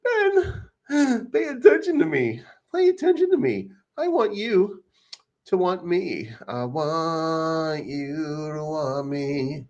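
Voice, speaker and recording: A man's voice: medium pitch, moderate pace, a little mellow, lo-fi sound, natural voice. A man voicing a mocked, whiny male cowboy reenactor with exaggerated sobbing and boasting. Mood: whiny crying.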